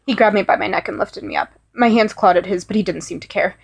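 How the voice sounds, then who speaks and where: A woman's voice: mid-range voice, quick pace, vocal fry, husky. A woman reading first-person fan fiction aloud in an earnest way, with small restarts. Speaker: story reader.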